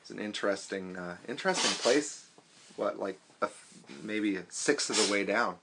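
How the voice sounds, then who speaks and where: Calm low man over loud clicking noise. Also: normal speed. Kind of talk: casual group chat.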